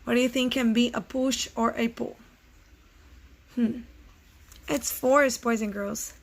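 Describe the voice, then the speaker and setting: Woman teacher, middle-aged, slightly high voice, slow patient explaining, questions to kids. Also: steady tone, creaky. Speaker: first grade teacher. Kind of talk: recorded science lesson for young children.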